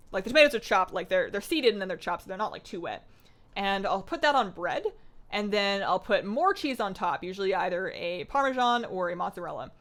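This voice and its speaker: A woman's voice: mid-range voice, fairly bright tone. Woman, young adult, livestream gamer, bubbly, rambling, casual chat. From Greek heritage. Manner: bubbly, rambling, chatty with frequent fillers. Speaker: streamer.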